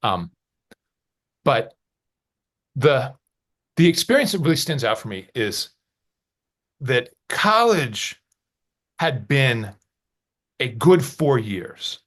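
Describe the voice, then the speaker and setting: A man's voice: mid-range voice, big pitch swings, takes it slowly, long pauses, a bit bright. A middle-aged man co-hosting a casual podcast, telling a personal story in a rambling, hesitant, self-deprecating way. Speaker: podcast co-host.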